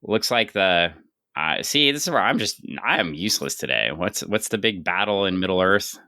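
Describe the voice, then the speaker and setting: A man's voice: sits low, animated, normal speed, sharp tone, no echo, clean studio sound. A man co-hosting a casual comic-book podcast, recapping the plot with wry, sarcastic asides. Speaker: podcast co-host.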